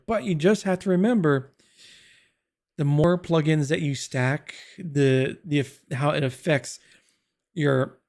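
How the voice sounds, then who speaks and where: A man reviewing streaming software in a casual tutorial, rambling with many fillers and restarts, speaking into a desk broadcast mic in a home studio. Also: a little high. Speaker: tech reviewer.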